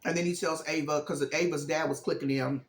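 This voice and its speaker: Here a woman's low voice moves fairly quickly with fairly even intonation, and the room sounds spacious. Casually recounting a movie for her vlog, she performs characters' dialogue emphatically and fills gaps with "um" and "this, this, and that."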